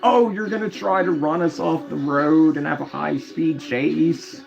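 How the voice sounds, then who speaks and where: Slow gravelly-voiced man telling stories. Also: a little high. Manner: slow, laid-back and profane, with frequent fillers. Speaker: streamer talking to chat. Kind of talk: casual late-night storytelling. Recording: dull lo-fi stream audio with faint music.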